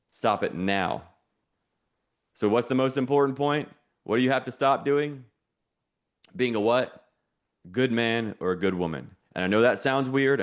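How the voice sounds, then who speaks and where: A man hosting an online challenge, teaching in a preachy, repetitive way with call-and-response lines. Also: mid-range voice. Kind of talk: motivational teaching.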